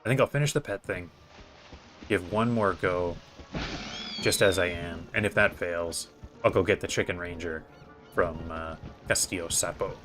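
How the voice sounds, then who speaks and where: A man's voice: low voice, normal speed, pauses often, fairly bright tone, faint music behind. A man giving casual gameplay commentary as host, thinking aloud in a hesitant way with many fillers. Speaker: gaming video host.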